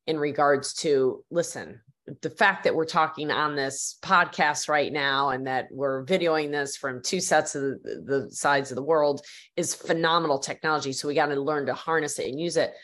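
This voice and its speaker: A woman with a low voice hosts a podcast conversation. She talks in long, flowing run-on thoughts with open enthusiasm. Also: a bit bright. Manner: enthusiastic, chatty, run-on sentences. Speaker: podcast host. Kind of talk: conversational interview.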